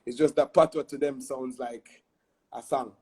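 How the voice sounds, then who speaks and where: Casting note: young Jamaican man, husky tone, animated storytelling guest, peppers talk with tag questions. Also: medium pitch, normal speed. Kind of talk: casual interview chat.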